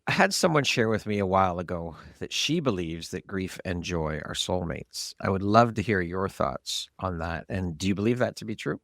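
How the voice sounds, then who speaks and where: A man hosting a podcast interview, asking questions in a gentle, affirming way. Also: sits low, expressive, moderate pace, creaky, few pauses, no echo, studio quality. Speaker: podcast host.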